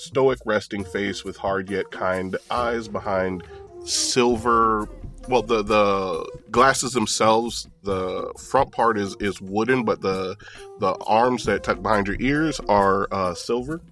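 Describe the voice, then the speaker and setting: Low-ish guy running a tabletop game, chill descriptive narration, some ums. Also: takes it slowly, soft background music. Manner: relaxed, descriptive, with filler words. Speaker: game master.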